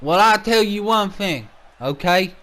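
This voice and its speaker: Male wrestling commentator, high-pitched, brash, profane play-by-play. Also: lively intonation, measured pace, sharp tone. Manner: brash, trash-talking, swears a lot.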